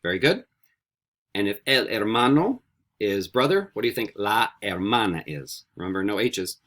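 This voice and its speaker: A man teaching a Spanish vocabulary lesson, repeating each word slowly and coaxing students with friendly questions. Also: on the low side, animated, a bit bright. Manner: slow, carefully repeated word drills. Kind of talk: recorded classroom vocabulary lesson.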